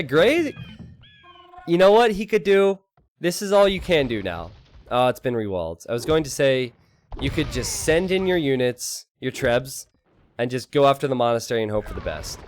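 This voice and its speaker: A man casting a strategy game live and chatting with his stream audience, excitable and quick to laugh. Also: mid-range voice, a little hiss or hum. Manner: excitable, laughs often, talks to chat.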